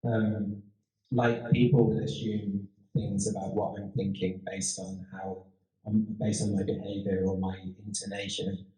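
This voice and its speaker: Man, dark and mellow tone, chatty talk speaker, echoey room. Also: on the low side, level tone, measured pace. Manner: chatty, rambling, with frequent restarts and laughs. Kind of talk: casual public talk with audience Q&A.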